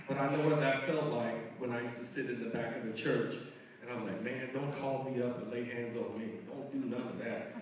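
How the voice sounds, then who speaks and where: A man giving a lively, conversational testimony in a large church hall, heard from a distant mic. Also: mid-range voice, normal speed, crowd noise, noisy background. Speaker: guest speaker.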